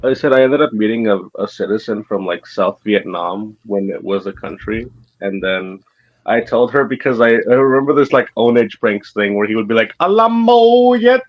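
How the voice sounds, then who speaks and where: A man chatting on a stream, telling animated stories and slipping in Spanish phrases. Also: on the low side, moderate pace. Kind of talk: casual chat. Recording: dull lo-fi mic.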